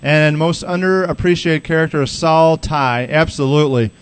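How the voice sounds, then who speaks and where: A man's voice: on the high side, fairly even intonation, normal speed, clear, resonant tone. A man hosting a podcast, chatting casually and rambling with many restarts. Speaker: podcast host. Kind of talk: casual chat.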